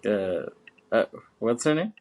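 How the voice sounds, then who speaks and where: A man's voice: lowish voice, big pitch swings, slow pace, a little mellow. A man co-hosting a podcast, casually recapping a film with lots of fillers and laughs. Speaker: podcast co-host.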